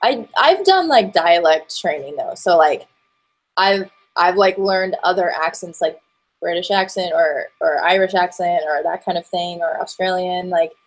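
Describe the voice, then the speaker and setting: A woman in her twenties, an actress and voiceover performer, chatting as a guest in a relaxed, rambling way with plenty of fillers. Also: fairly low pitch, measured pace, low-quality recording. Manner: rambling, many fillers and restarts, stop-start. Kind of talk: casual interview chat.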